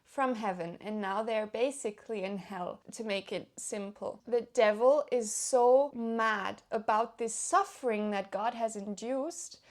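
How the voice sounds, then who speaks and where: A woman's voice: fairly high pitch, measured pace, hardly any pauses. A woman talking casually about books she has read as a book vlogger. She is enthusiastic and chatty, often repeating and correcting herself as she talks. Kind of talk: casual book review chat.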